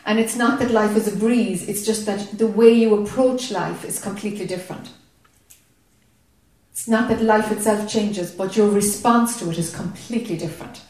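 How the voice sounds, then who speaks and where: A woman speaking as a spiritual teacher to a group, calm, slow and encouraging. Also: medium pitch. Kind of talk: satsang dialogue. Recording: very echoey, distant in a hall.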